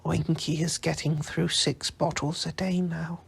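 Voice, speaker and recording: A man doing an earnest, high little house-elf. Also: little pitch movement, gravelly, slightly rough, full character voice. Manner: eager, quick to scold. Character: earnest devoted male house-elf, humble.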